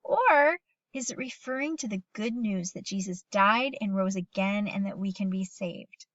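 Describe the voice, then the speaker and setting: A middle-aged woman leads a phonics lesson for young children, patient and encouraging as she sounds out words and reads sentences slowly with them. Her voice sits at an ordinary pitch. The recording is dry and a little dull, made at home. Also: fairly bright tone, no room sound. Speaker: teacher.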